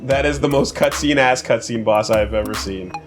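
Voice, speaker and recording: A man's voice: mid-range voice, moderate pace. A man hosting casual, joking commentary over a video game, with lots of banter. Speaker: host, let's play commentator. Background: game music.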